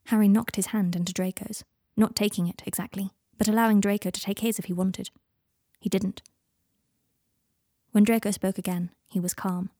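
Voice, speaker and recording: A woman narrates a story as an audiobook in an even, measured manner. Her voice sits at a middle pitch, and the recording is dry and close. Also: no echo. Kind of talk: audiobook reading of fan fiction.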